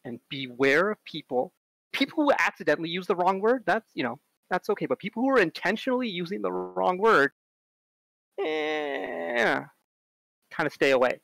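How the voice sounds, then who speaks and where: A man speaking as a conference presenter, chatty and full of fillers. His voice sits a little high and turns animated when he tells stories. The recording is dry and close, with no room sound. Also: normal speed, vocal fry, no echo, rough recording. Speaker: conference speaker on robotics strategy. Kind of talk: casual talk with stories.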